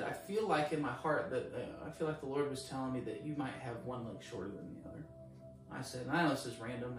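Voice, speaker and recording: A man telling a story in casual conversation, acting out both sides of the exchange with mounting excitement. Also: mid-range voice. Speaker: guest. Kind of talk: animated storytelling in casual chat. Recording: echoey room, distant mic.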